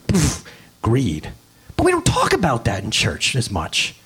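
Animated husky-voiced male preacher. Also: mid-range voice, moderate pace. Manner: animated, conversational preaching with acted-out quotes. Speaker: pastor. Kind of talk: sermon.

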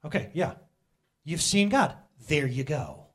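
A man's voice: fairly high pitch, big pitch swings, unhurried, fairly bright tone, slightly rough. A middle-aged man preaching a casual, conversational sermon, joking and talking straight to the congregation. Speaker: pastor.

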